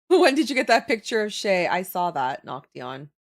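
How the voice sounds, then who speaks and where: Lively young woman chatting on stream. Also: mid-range voice, moderate pace. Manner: chatty, laughs often, reads chat aloud. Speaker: livestream host. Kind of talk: casual livestream chat while drawing.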